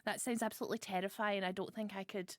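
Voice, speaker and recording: A woman's voice: mid-range voice, fairly even intonation, fast, dry recording. A Scottish woman in her thirties hosting a casual radio show, chatty and self-mocking, reading listener messages and laughing often. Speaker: radio host. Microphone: studio mic. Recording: dry close studio sound.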